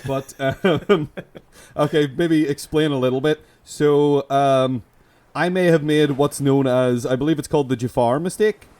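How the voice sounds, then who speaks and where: A man with a Belfast accent, co-hosting and riffing through a comic podcast bit. His voice sits a little high for a man, and he rambles, trips over restarts and keeps breaking into giggles. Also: fairly even intonation, measured pace, a little mellow. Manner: rambling, self-interrupting, giggly. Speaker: podcast co-host. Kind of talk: comedic improvised sketch chat.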